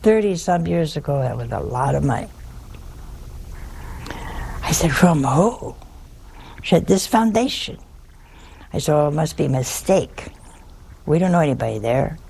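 A woman's voice: deep voice, animated, normal speed, gravelly, long pauses, warm tone, a little hiss or hum. An older woman, a nun, telling a humorous story in a folksy, wry way with frequent chuckles. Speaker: nun giving a talk.

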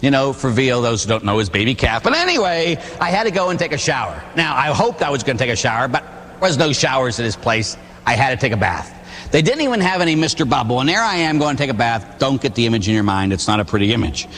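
A middle-aged man from Pittsburgh, a Catholic priest giving a humorous storytelling sermon, animated and theatrical. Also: medium pitch, fast talker, a little hiss or hum. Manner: animated, theatrical, acts out voices. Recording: long hall reverb.

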